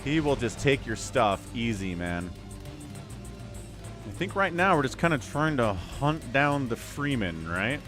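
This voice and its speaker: A man's voice: medium pitch, big pitch swings, a little slow, music in the background. A man casting a strategy game on a live stream, chatty, laughing often and greeting viewers. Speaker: game caster.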